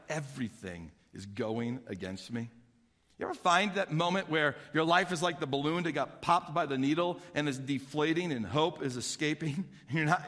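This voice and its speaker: A man preaching a sermon, telling a Bible story with acted-out voices, swinging between hushed and loud. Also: fairly high pitch, long reverb tail. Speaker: pastor.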